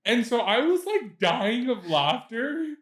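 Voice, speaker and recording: A man's voice: very high voice, very animated, slow, a bit bright. A young man co-hosting a podcast, telling a story in casual chat, laughing at himself and swearing freely. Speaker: podcast co-host. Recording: echoey room.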